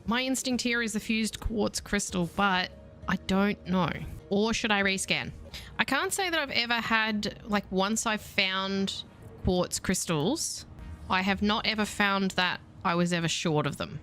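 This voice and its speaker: Unhurried and mid-range, a woman's slightly bright voice carries an Australian accent as she streams a video game. Her casual let's-play talk is chatty, playful and poking fun at herself, set against soft background music.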